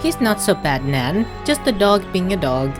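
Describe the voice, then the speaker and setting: A woman plays a young noblewoman who speaks calmly and gently, her voice sitting a little low. Game music plays behind her. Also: moderate pace. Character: young noble lady of a castle.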